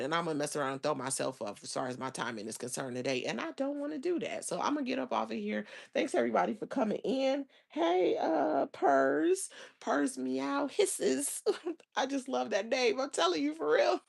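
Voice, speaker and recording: A woman hosting a casual livestream, chatting and rambling with her viewers in loose slang, now and then breaking into loud exasperated outbursts. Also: mid-range voice, vocal fry. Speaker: livestream host.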